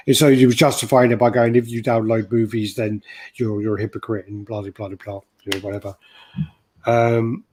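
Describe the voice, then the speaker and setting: A man's voice: mid-range voice, darkish tone. A man chats loosely on a live stream, swearing freely and trailing off into fillers. His voice sits in an ordinary middle register. He reads viewer comments aloud between his own asides. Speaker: livestream co-host. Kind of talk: casual chat.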